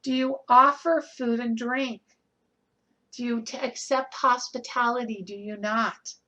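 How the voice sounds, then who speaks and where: A woman teaches a nursing class in a recorded lecture. She speaks slowly and deliberately in a slightly high voice. She keeps it conversational, with rhetorical questions and a habitual "okay?" to check in with her students. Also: steady tone, pushed and bright, muffled recording. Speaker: nursing instructor.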